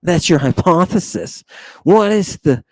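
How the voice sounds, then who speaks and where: A man's voice: high-pitched, lively intonation, unhurried, a little mellow, dry recording. A man teaching a Greek class, theatrical and emphatic, stretching key words, often asking the room "right?" and sighing in exasperation. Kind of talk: classroom lecture.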